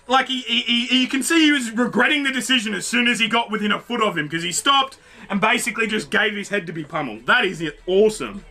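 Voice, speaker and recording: Guy, reaction host: high, sharp, excitable, swears a lot. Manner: excitable, swears freely, talks to the screen. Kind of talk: casual reaction commentary.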